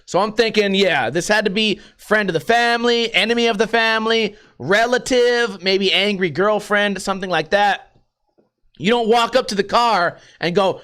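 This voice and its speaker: A man's voice: high-pitched, moderate pace, bright, forceful tone. A man hosting a solo podcast, ranting casually and profanely and throwing in put-on voices. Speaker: podcast host.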